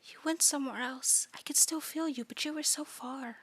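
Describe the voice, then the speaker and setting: A woman voicing an eerie many-eyed void creature with a toothy maw, speaking in a soft, coaxing, possessive whisper in a whispered role-play. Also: sits high, normal speed.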